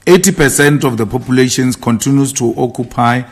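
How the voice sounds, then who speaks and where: A man's voice: mid-range voice, brisk. A man delivering a formal political statement in a declamatory, repetitive rallying cadence. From South Africa. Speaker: party leader giving a statement.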